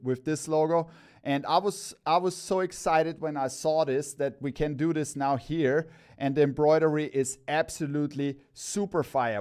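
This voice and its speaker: A cap store host, an excitable man with a voice a little higher than most men's, runs a live stream showing off products. He rambles enthusiastically, heaping on praise and repeating himself as he moves between items.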